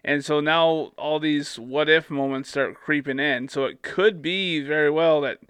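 A man's voice: fairly high pitch, measured pace, a bit bright, smooth, dry recording. A man co-hosting a casual Bible study, reading scripture aloud and adding playful asides.

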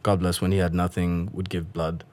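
A very deep-voiced man talks easily as a guest in a casual interview. He is chatty and tells stories with frequent laughs. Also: level tone, normal speed, darkish tone. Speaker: guest, comedian.

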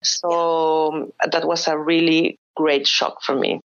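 Laughing woman with a low voice. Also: flat delivery, takes it slowly. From Chile. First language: Spanish. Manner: hesitant, many restarts, laughs readily. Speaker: guest, psychologist and expat coach. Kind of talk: casual interview storytelling. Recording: dull lo-fi recording.

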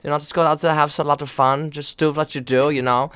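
A man's voice: on the high side, little pitch movement, fast talker, a bit bright, smooth, voice pushed up, natural voice. A man voicing a cheerful middle-aged German volleyball coach in a put-on German accent. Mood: breezy.

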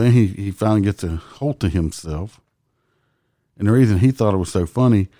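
Man, low mellow voice, profane storytelling, laughs often. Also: no room sound, studio quality. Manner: profane, laughs while telling stories. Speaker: podcast host and police officer. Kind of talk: casual storytelling.

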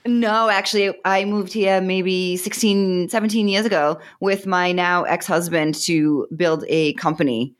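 A woman's voice: on the low side, steady tone, unhurried, hardly any pauses. A woman in her forties from Boston, with a Boston accent, chatting wryly as a podcast guest. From Boston, Massachusetts. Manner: chatty, wry and joking. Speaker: guest, dating podcaster and author. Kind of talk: casual interview chat.

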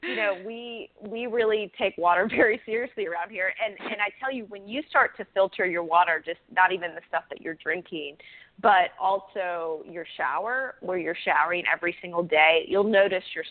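A woman's voice: mid-range voice, normal speed. Chatty woman on a tinny line. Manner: chatty, laughs often, many fillers and restarts. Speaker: guest, author. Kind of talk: casual interview talk. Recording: phone-like band-limited audio.

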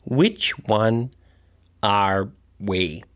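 A man co-hosting a comedy podcast, answering his partner's jokes with dry deadpan lines. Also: lowish voice, very slow, clean tone. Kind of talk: improvised comedy banter.

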